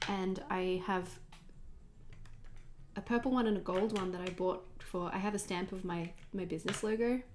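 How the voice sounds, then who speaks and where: A woman's voice: medium pitch, fairly even intonation, moderate pace, a little mellow, a little hiss or hum. A woman in her thirties chatting casually and rambling at her home desk while she sets up her journal on a livestream. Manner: chatty, rambling, easily sidetracked. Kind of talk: casual chat while crafting.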